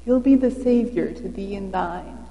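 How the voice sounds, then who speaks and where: A woman's voice: medium pitch, normal speed, creaky, roomy sound, big-room sound, lo-fi sound, lightly acted. A woman voicing a spider weaving on a silken line in a storybook. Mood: reverent.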